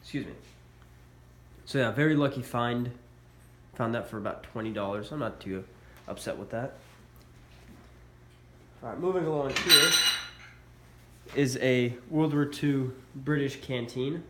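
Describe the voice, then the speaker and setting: A man's voice: mid-range voice, moderate pace. Man, stuffy cold voice, casual collector vlog, echoey room, faint hiss. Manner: casual, hesitant, many uhs. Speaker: militaria collector. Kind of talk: casual show-and-tell vlog.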